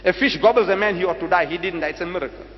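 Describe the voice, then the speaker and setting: A man's voice: high-pitched, very fast. An older man from South Africa preaching to an audience, dramatic and full of rhetorical questions, repeating phrases for emphasis. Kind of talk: public lecture to an audience. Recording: lo-fi hall recording with faint hum.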